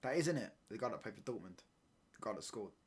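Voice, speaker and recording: A man hosting a live football watchalong, talking in excitable, slangy banter and reacting to the play as it happens. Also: lowish voice, fairly quick, breathy edge. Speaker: watchalong streamer.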